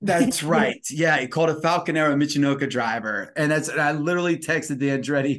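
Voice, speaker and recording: A man co-hosting a wrestling podcast, talking in an excited, rambling way with many fillers. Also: a little high, a little fast, hardly any pauses. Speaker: podcast co-host. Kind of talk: casual wrestling review chat.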